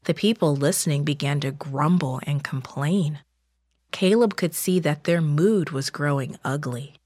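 Woman narrator, slow and measured, lowish voice, dry close sound. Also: a little mellow, no echo. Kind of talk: scripted storybook narration.

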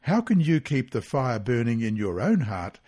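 A man reading a weekly Bible study guide aloud, measured and earnest, reading the scripture passages in full. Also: mid-range voice, sing-song, mellow, slightly rough.

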